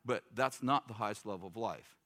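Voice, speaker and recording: A man's voice: fairly low pitch, brisk, a bit bright. A middle-aged man preaching a sermon in a loose, joking, conversational way, acting out quotes. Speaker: pastor.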